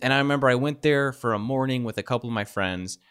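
A man from Kentucky co-hosting a casual podcast chat, joking around and dropping into quick silly voices. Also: medium pitch, a bit bright, clear, resonant tone. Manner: jokey, puts on silly voices in quick bits. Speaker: podcast co-host.

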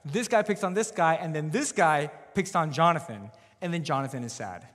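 Animated young youth pastor in a hall. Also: male voice, a little high, normal speed. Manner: conversational, animated, acts out quoted dialogue. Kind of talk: sermon storytelling. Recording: reverberant hall.

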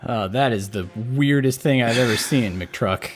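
A man's voice: medium pitch, unhurried, soft background music. A man playing a tabletop game, asking hesitant, polite questions in a casual way. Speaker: player.

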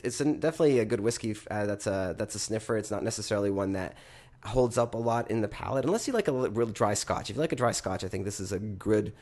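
A man hosting a casual podcast chat and leading a tasting round, talking in a rambling, halting way with a self-deprecating streak. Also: fairly low pitch. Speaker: podcast host running a blind tasting.

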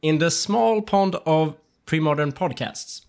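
A man's voice: on the high side, unhurried, a little mellow. A man with a Swedish accent co-hosting a podcast, easygoing and joking, with many fillers in casual chat. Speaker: podcast co-host.

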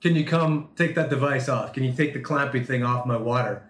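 A man's voice: mid-range voice, a little fast, a bit bright, roomy sound. A man preaching a sermon, telling a story with earnest emphasis and acted-out dialogue. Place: Turkey.

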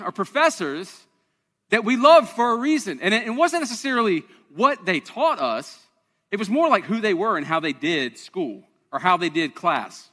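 A man's voice: high-pitched, pushed and bright, big-room sound. A man, preaching a conversational, self-deprecating sermon to his congregation in a church. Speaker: pastor. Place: church sanctuary.

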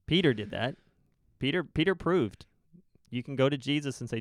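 Man, mid pitch, earnest church podcast co-host, dead-dry booth sound. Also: lively intonation, dry recording. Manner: earnest, probing questions, emphatic pauses.

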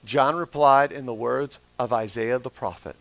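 A man's voice: mid-range voice, normal speed, vocal fry, no echo. A man preaching a sermon as pastor, asking the congregation question after question. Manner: asks the congregation repeated questions.

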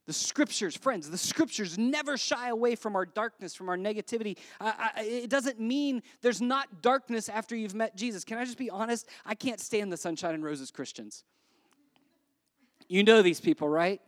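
A woman's voice: medium pitch, lively intonation, moderate pace, no room sound. Chatty woman preaching, dry close sound. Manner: conversational and joking, full of rhetorical tag questions. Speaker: pastor. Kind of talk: sermon.

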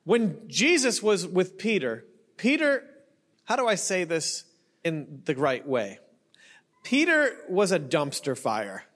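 A middle-aged male pastor, not Australian, preaches in a loose, joking, conversational style. His high, slightly bright voice often checks in with the congregation, sprinkling in "right?" and "you know."

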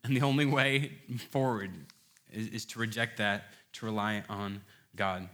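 A man delivers a sermon with emphasis, often repeating words at the start of phrases as he builds toward loud rhetorical questions. His voice is on the low side, steady in tone and unhurried.

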